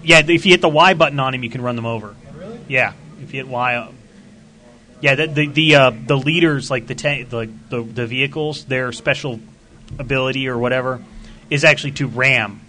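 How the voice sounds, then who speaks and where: A man's voice: mid-range voice, a little fast, sharp tone. Male stream host, casual and rambling, reads viewer chat, laughs easily. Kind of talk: casual live-stream chat over gameplay.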